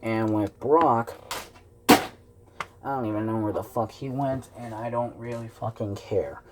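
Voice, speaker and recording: A man's voice: mid-range voice, unhurried, very noisy. A man ranting angrily at home, cursing heavily as he vents in his video. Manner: heavy cursing, fired-up rant. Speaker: wrestling fan vlogger. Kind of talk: angry ranting vlog.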